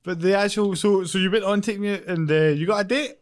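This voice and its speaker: A man's voice: high-pitched, fairly even intonation, fast talker, a little hiss or hum. A man hosting a podcast who chats casually, laughs along and asks short follow-up questions. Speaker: podcast host. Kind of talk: casual interview chat.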